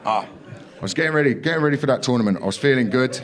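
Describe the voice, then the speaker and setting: Young male stand-up, brash and sweary, jumps into loud character voices in a club set. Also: medium pitch, lively intonation, racing, crowd noise, noisy background. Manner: brash, swearing, acts out others in raised voices. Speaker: stand-up comedian. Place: comedy club stage.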